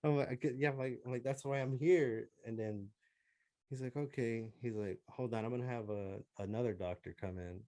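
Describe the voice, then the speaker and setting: A man's voice: mid-range voice, brisk, mellow, dry recording. A man casually telling a crude, profane story to friends, laughing and acting out what others said. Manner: profane, laughing, acts out other people's lines. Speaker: podcast co-host.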